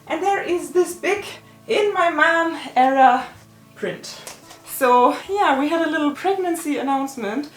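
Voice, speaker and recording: Slightly breathless german lady in her 30s vlogging her shopping haul, kinda high voice. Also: a little slow, soft background music. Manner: chatty and personal. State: a little out of breath. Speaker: fashion vlogger. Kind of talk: casual shopping recap.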